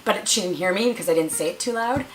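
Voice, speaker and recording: Fast-talking young woman telling a story. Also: poor audio. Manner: animated, acts out quoted dialogue with big pitch jumps. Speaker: vlogger. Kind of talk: casual storytelling vlog.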